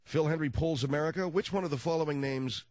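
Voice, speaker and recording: A man's voice: a little high, fast, dry recording. A man hosting a comedy talk radio show from the studio, speaking wryly and with an exasperated edge. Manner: lively, wry and exasperated.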